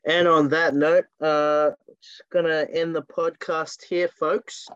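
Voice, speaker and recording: A man's voice: a little high, little pitch movement, takes it slowly, a bit bright, clean tone, no room sound, muffled recording. A man, co-hosting a podcast in a laid-back, joking way. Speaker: podcast co-host. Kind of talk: casual chat.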